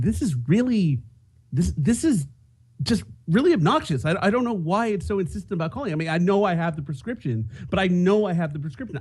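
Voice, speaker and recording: A man's voice: a little high, darkish tone. A man co-hosting a podcast, telling a self-mocking story in casual chat. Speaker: podcast co-host.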